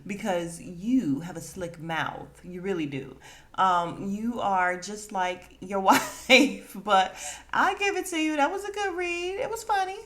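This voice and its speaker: A woman's voice: mid-range voice, a little slow, a bit bright. A woman hosting a podcast who recaps a reality show in a casual, gossipy way, laughs often and acts out the quotes. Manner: acts out quotes in put-on voices. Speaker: podcast host.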